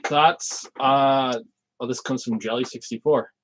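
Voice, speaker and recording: A man with an ordinary mid-range voice co-hosts a live stream. He reads viewer questions and reminders in a plain, relaxed way. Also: mid-range voice, measured pace, poor audio. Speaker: co-host reading viewer questions.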